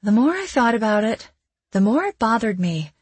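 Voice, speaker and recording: A woman's voice: on the high side, sing-song, moderate pace, breathy edge, no echo. A woman narrating first-person fiction in a wry, conversational way. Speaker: audiobook narrator.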